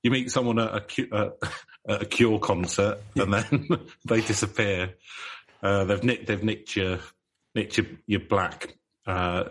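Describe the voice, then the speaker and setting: A man's voice: on the low side, fairly even intonation, a little slow. A British man co-hosting a casual podcast chat, chipping in with dry jokes. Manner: jokey, dry asides. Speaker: podcast co-host.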